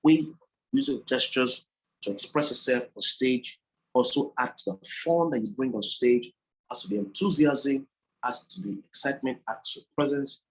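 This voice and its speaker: Male speaking coach, mid-pitched voice, earnest lecture delivery that stresses key phrases by repeating them. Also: normal speed, poor audio. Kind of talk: teaching a presentation class.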